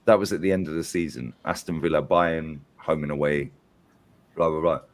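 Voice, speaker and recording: A man's voice: rumbling low, normal speed. A man hosting a casual fan live stream, telling stories bluntly and swearing often. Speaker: fan channel host.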